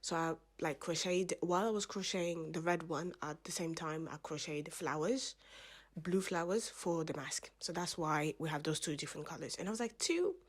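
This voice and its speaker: A chatty young woman talks to her camera in a relaxed vlog, with a voice pitched a little low. She rambles, laughs at herself, and slips into soft half-whispered asides before bouncing back up. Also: normal speed. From family from Gambia, French-speaking background. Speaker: vlogger. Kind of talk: casual chat to camera.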